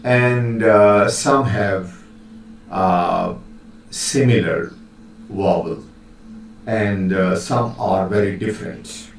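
A man with a lowish voice gives a recorded linguistics lecture slowly and hesitantly, packed with fillers, pausing to demonstrate how words are pronounced. The mic is distant and he sounds a bit off-mic, in a very echoey room with faint hiss.

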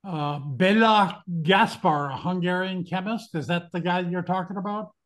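A man on a video call, adding measured, factual interjections. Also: sits high, a bit bright. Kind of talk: casual video chat.

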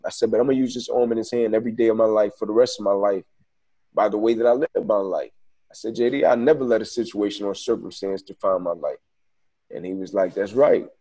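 An interview guest telling his own story, a man with a mellow, darker-toned voice. He speaks in an earnest, reflective way, loose and conversational. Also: lowish voice.

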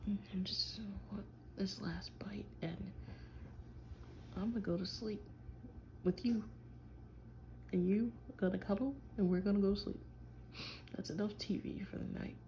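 A woman playing a gravelly teasing vampire boyfriend. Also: medium pitch, fairly even intonation, slow, pauses often, dark tone, a little hiss or hum. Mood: tired. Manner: teasing, playful, drawling slang. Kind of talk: listener role-play audio.

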